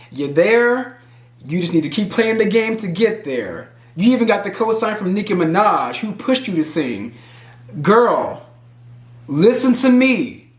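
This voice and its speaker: Opinionated man, high voice, roomy sound. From Houston, Texas. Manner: animated, opinionated, talks straight to the viewer. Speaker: pop culture vlogger. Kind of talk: casual reality TV commentary.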